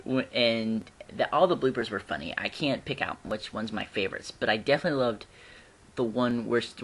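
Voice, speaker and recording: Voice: mid-range voice, slight background noise. A fan reviewer chatting casually at home, rambling with frequent giggles and restarts.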